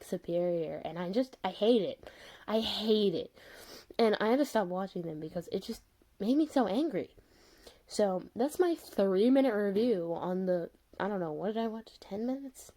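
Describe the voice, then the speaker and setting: A young woman ranting her way through a casual video review. Her voice is mellow and soft-edged, and she rambles along, exasperated, padding her talk with fillers and little laughs. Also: on the low side. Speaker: vlogger reviewing a show.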